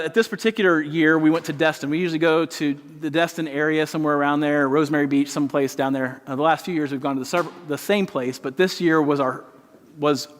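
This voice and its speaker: High-voiced man preaching in a hall. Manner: animated storytelling preacher. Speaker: pastor. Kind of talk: sermon. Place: large church auditorium. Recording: long reverb in a large hall.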